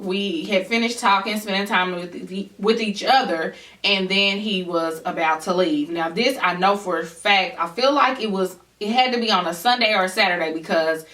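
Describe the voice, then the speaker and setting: A woman vlogger telling a personal story to her viewers in a lively storytime chat, acting out what others said. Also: medium pitch, moderate pace, recorded from a distance. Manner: animated storytelling, addresses viewers directly; acts out others' voices in quotes. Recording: echoey room, voice a bit off-mic.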